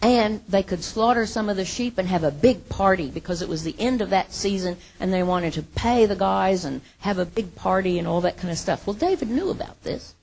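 A woman teaching from the Bible in a casual sermon, retelling the story with lively acted quotes and laughter. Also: medium pitch, a little fast, gravelly, hardly any pauses.

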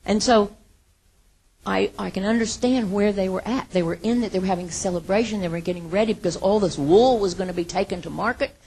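Lady teaching a bible story, raspy voice with some fry, chatty and animated. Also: medium pitch, brisk. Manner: animated retelling with acted quotes and laughs. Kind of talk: casual sermon storytelling.

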